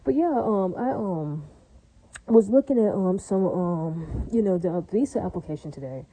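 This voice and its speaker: A woman's voice: on the low side, lively intonation, moderate pace, mellow, slight background noise, low-quality recording. A woman vlogging in a casual, rambling monologue, blunt and crude, with many fillers, who keeps asking her listeners "right?". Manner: chatty, keeps asking "right?" and "does that make sense?".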